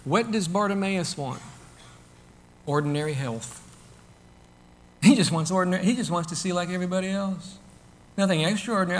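A man preaching a sermon in a conversational, animated way, asking rhetorical questions and loudly acting out the crowd. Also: high-pitched, moderate pace, long pauses, slight background noise. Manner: animated, acts out the crowd and shouts with sudden bursts. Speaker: pastor.

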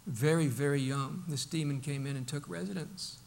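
A man preaching a sermon, emphatic, acting out Bible quotes and dropping to a hush for his points. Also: a little high, moderate pace, creaky. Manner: emphatic, swings from loud to hushed, acts out Bible quotes.

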